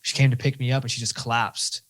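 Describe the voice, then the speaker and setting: Fast-talking man telling his story. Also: medium pitch. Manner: fast, animated storyteller who acts out his own inner voice. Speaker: podcast guest. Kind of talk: candid personal storytelling.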